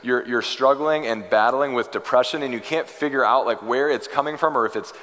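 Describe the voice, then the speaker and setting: A man preaching a sermon as pastor, earnest and pleading, moving from hushed, slow lines to emphatic, rising ones. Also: mid-range voice. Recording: reverberant hall.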